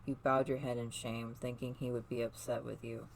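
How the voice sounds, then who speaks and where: A storyteller reading a second-person fan story aloud, soft-spoken, with small slips and restarts. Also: medium pitch, little pitch movement, moderate pace, gravelly, a little hiss or hum, rough recording. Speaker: fan fiction reader.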